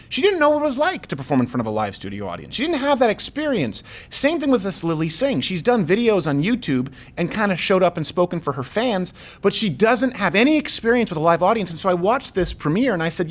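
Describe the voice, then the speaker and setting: A male talk show host in comedic banter, animated and rambling with jokey asides. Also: sits high, fast.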